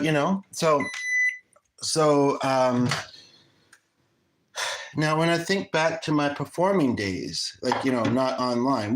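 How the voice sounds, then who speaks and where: Guy rambling casually on his live stream, lots of ums, bit of faint noise in the back. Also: mid-range voice. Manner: rambling, conversational, frequent fillers. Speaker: livestream host.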